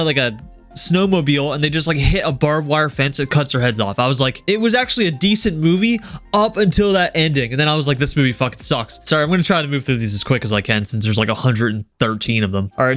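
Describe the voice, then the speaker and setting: A man's voice: on the high side, fairly bright tone. A man hosting his own channel, ranking horror movies in a rambling, profane, enthusiastic chat. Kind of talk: casual tier-list ranking chat.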